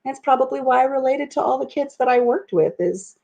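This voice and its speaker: A woman's voice: high voice, animated, fast, vocal fry, darkish tone, dull audio. A middle-aged woman hosting a casual live stream at home over coffee, rambling from one tangent to the next. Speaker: livestream host. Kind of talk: casual chat.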